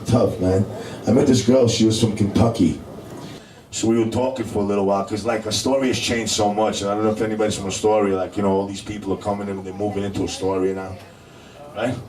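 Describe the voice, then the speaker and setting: Recorded from a distance in a roomy comedy club with faint noise, a man hosts the show, bantering with the audience and drawing out his punchlines. His voice is on the low side, level and darkish.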